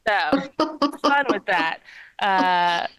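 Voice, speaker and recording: A woman's voice: on the low side, lively intonation, extremely slow, over music. A woman hosting a live comedy show, upbeat and chatty, with a teasing manner.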